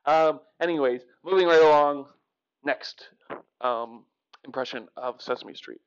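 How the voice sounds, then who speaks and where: A man's voice: on the high side, a little slow, clear, resonant tone, dull audio. A man hosting his own run of cartoon impressions, rambling and swearing as he moves from one bit to the next. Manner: rambling, swearing, laughing at himself. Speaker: impressionist host. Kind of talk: casual comedy impressions.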